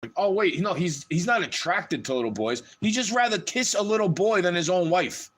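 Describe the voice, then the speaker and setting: A man with a high voice holds forth on a livestream in a heated, swearing rant. His pitch climbs and plunges widely as he talks, so the delivery sounds restless and agitated throughout. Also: expressive, moderate pace, fairly bright tone. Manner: heated, profane, ranting.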